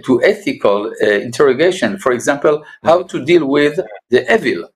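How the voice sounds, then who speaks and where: Guy, rabbi in an interview, keeps pausing, lots of uhs, mid pitch voice. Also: animated. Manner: halting, many filled pauses. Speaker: rabbi and guest. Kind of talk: interview answers.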